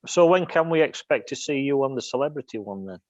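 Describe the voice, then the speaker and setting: A man's voice: mid-range voice, lively intonation, fast talker, dry recording. A male podcast host in casual chat, asking a guest questions. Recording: dull dry sound.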